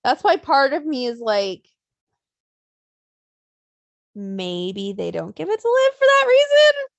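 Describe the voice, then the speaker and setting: Young woman podcast cohost, high bouncy voice, blunt, swears a lot, dry close mic. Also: slow pace, vocal fry, dry recording, highs cut off. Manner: animated, blunt, swears freely, acts out fan voices. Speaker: podcast co-host. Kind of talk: casual wrestling podcast chat.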